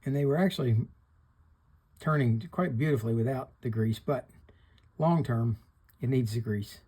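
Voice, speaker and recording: A man's voice: mid-range voice, normal speed, dark tone, slightly rough. A middle-aged man hosting a hands-on repair tutorial, plain-spoken, talking through each step while he works. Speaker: fishing reel repairer hosting a channel.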